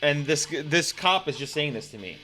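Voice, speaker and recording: A man's voice: a little high, lively intonation, normal speed, sharp tone, soft background music. A man streaming a text adventure game, chatting casually, laughing often and swearing as he thinks aloud. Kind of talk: casual let's-play commentary.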